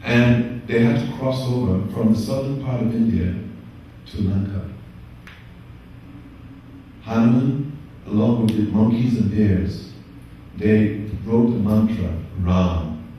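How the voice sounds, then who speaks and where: Brief: male spiritual teacher, devotional storytelling, low mellow voice, faint background ambience. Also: takes it slowly, long pauses, lo-fi sound, a little hiss or hum. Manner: calm, rhythmic storytelling in short phrases. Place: yoga studio opening. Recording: echoey room, distant mic, faint ambience.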